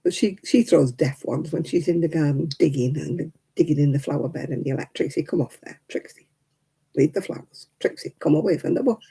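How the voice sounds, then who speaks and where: A woman's voice: deep voice, a little fast, gravelly, warm tone, breathy edge, poor audio. A woman in her seventies chatting casually and rambling with chuckles while she hosts a crafting livestream. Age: 70s. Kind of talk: casual chat.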